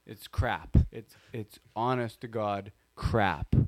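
A man's voice: on the low side, slow. A man chatting casually as podcast host, blunt and emphatic. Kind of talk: casual chat.

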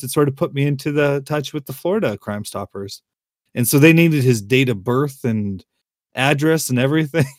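A man's voice: mid-range voice, a little mellow, no room sound, clean studio sound. A man chatting casually as podcast host, laughing often and restarting his sentences. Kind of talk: casual chat.

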